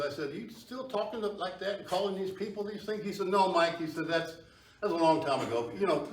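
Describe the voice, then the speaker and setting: With a mid-range voice and slight background noise, a history lecturer gives a conversational public talk to an audience in a meeting hall, frequently putting questions to them. He is recorded from far off by a tripod camera, so the hall echoes.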